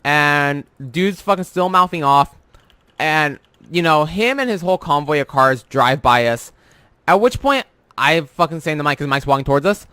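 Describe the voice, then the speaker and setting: Young male vlogger with a slightly high voice and a dry, close sound; rambling, profane storyteller. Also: expressive, moderate pace, sharp tone, clear, resonant tone, no room sound. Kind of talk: casual rant about work.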